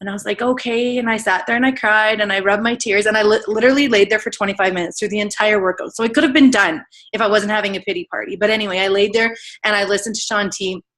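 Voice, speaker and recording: A woman's voice: mid-range voice, steady tone, quick pace, hardly any pauses, fairly bright tone. Woman in her thirties, earnest, emotional, casual storytelling, team call. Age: 30s. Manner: casual, filler-heavy speech. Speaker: guest speaker. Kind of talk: personal testimony on a team call.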